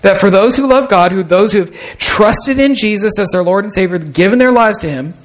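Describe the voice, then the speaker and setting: Preaching in a voice that sits high, this man reads from scripture and explains it, breaking in with emphatic asides and drawing out the most important phrases slowly.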